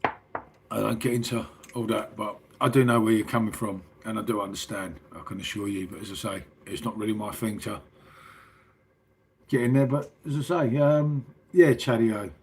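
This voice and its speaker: A man's voice: fairly low pitch, steady tone, moderate pace, darkish tone, a little hiss or hum. A middle-aged English man hosting a casual late-night livestream, chatting with viewers in a matey, sweary way. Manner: matey and sweary, calls everyone mate. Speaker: livestream host.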